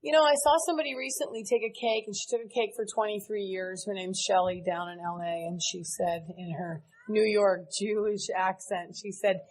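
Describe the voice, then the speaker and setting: A woman's voice: medium pitch, fairly even intonation, normal speed, hardly any pauses, darkish tone, a little hiss or hum, low-quality recording. A woman giving a candid, earnest recovery talk to a large meeting audience. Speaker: AA speaker. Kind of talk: recovery speech to a live audience.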